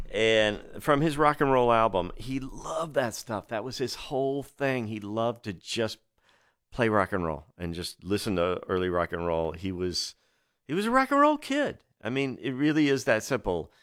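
A low-voiced man DJing a music radio show, chatty and enthusiastic as he tells stories between records. His delivery is loose, with frequent restarts, and the studio mic sound is dry and close. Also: a little slow, a bit bright, no echo.

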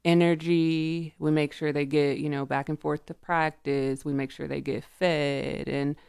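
Low gravelly woman speaking earnestly. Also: level tone, measured pace, a little mellow, dry recording, studio quality. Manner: emphatic, earnest. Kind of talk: casual panel chat.

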